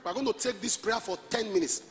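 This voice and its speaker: A man with a Nigerian accent preaching a sermon, shifting from quiet asides to shouted calls and leading the congregation in prayer. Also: high-pitched, brisk, faint music behind. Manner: emphatic preaching, alternating soft asides with shouts; leads call-and-response prayer and prays in tongues. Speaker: pastor. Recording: reverberant hall with faint noise.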